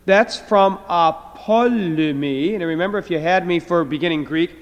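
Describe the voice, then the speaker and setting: High-voiced man lecturing in a hall. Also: highs cut off. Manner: explains slowly, drawing out words, with filler restarts. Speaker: Greek professor. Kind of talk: classroom lecture. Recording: hall reverb.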